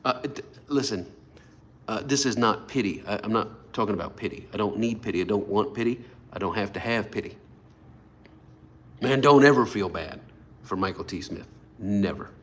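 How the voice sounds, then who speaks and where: A man's voice: on the low side, lively intonation, normal speed, pauses often. A middle-aged man preaching a sermon, talking animatedly and acting out the voices of people he quotes. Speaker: pastor.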